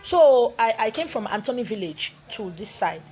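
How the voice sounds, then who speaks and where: A woman with a Nigerian accent telling a story in an animated way, slipping into Igbo and pidgin. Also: medium pitch, brisk, husky, faint music behind. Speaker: spiritual teacher. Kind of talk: storytelling talk.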